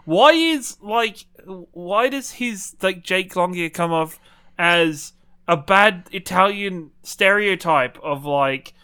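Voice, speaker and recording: A man's voice: sits high, lively intonation, slow, sharp tone, clean tone. A man co-hosting a casual podcast, ranting animatedly with incredulous questions and free swearing. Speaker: podcast co-host. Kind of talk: casual pop-culture chat.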